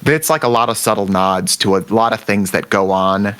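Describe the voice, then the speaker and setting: A young adult man co-hosting a casual podcast, rambling and searching for words, livening up when excited. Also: on the low side, normal speed, clean tone. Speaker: podcast co-host.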